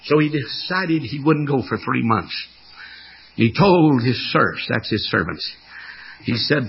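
An older man preaching a fervent storytelling sermon, with a raspy voice. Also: medium pitch, lively intonation, slow, muffled recording.

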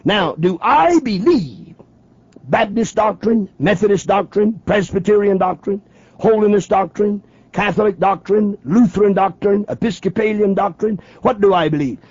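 A man's voice: sits high, normal speed, darkish tone, slightly rough, no room sound. A man preaching a radio sermon, emphatic and questioning the listener directly, on a dull lo-fi old broadcast.

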